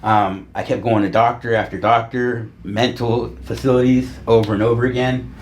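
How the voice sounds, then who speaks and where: A man in his thirties, a patient speaking casually with his doctor, loose and relaxed, saying "man" a lot. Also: mid-range voice, moderate pace, a little hiss or hum. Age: 30s.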